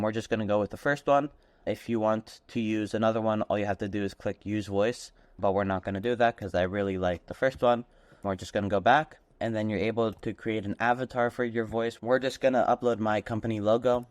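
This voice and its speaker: A man with a fairly low voice guides viewers through a software setup in an easygoing, step-by-step way. His delivery is casual and chains each step with "and then." The recording is dry, with no room sound. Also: no room sound. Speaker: tutorial host. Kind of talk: screen-recorded software walkthrough.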